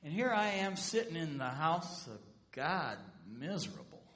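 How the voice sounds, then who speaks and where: A man preaching a sermon as a pastor, telling stories with lively humor. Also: on the high side, normal speed. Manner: animated storytelling with humor.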